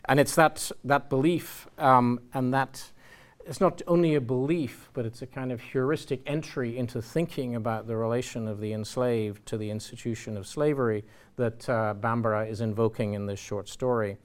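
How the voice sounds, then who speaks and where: A man with an Irish accent giving an academic lecture in a measured way, with frequent "uh" and "um". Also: medium pitch, fairly even intonation. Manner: measured, reads quotations aloud, frequent "uh" and "um".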